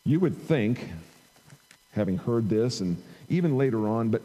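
A man's voice: mid-range voice, lively intonation, measured pace, warm tone, big-room sound, muffled recording. A man preaching a conversational sermon into an amplified microphone, reading scripture aloud and rising in emphasis. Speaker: pastor. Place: church sanctuary.

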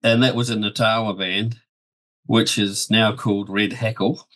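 A man in his sixties from New Zealand, calmly recalling his past as a podcast guest. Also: fairly low pitch, a little slow. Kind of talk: casual podcast chat.

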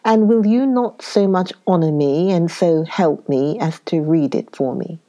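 A woman reading the part of an elderly foreign male professor in an audiobook, speaking earnestly with halting, oddly worded phrasing. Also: on the low side, dark tone, muffled recording, natural voice. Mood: grateful.

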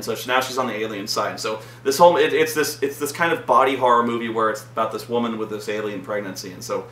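A man's voice: medium pitch, bright, forceful tone. A man casually recapping a film as a vlog host, rambling with lots of "like" and free swearing. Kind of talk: casual movie recap chat. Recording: echoey room, mic far off, faint noise.

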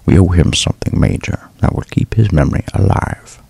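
A man doing a gravelly Southern old sage, whispered role-play. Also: a little mellow, no echo, heavily acted. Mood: solemn. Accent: American Southern drawl. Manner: slow, low-chested. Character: deep gravelly older man, calm and wise.

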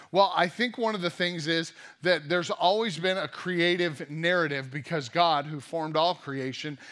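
A man preaching a sermon in a fairly high, light voice. He talks in an easygoing storytelling manner, slipping in jokes and playful asides as he goes. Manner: lively storytelling with jokey asides. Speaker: pastor.

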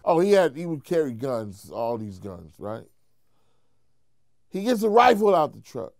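A man, a comedian, telling an animated, profane story in an interview, mimicking the people he quotes. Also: a little slow, gravelly, no room sound, clean studio sound. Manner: profane, acts out quotes in high voices, laughs while telling.

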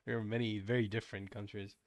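A man's voice: fairly low pitch, little pitch movement, dry recording, clean studio sound. A young man streaming as a VTuber, chatting casually while playing a game with a friend. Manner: chatty, quick shifts between loud and soft. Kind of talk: casual gaming chat.

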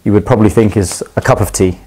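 Talking quickly in a low, mellow voice with a strong London accent, a young English footballer breaks down slang for the camera. He's casual and chatty, tripping over fillers and restarts, laughing as he goes, on a low-quality recording.

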